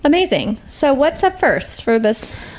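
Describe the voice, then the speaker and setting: A young woman co-hosting a podcast in casual chat, chatty and playful, quick to laugh. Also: sits high, sing-song, darkish tone, a little hiss or hum. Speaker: podcast co-host.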